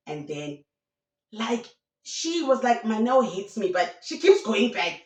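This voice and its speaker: A woman tells gossip stories on her channel in a chatty, animated way, mixing in local slang. Her voice comes from a little way off the mic, in a room with a noticeable echo. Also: on the high side, slow pace, recorded from a distance. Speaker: YouTube commentator. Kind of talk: casual gossip commentary. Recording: roomy sound from away from the mic.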